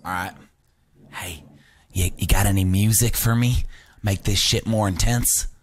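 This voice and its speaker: A man playing a tabletop game over a call, excitable and casually swearing. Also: on the low side, measured pace. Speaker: player.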